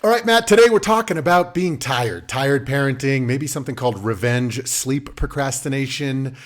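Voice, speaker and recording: A man's voice: medium pitch, normal speed, soft background music. A man co-hosting a casual parenting podcast, chatty and laughing often as he talks, with some casual swearing. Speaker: podcast co-host. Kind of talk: casual chat.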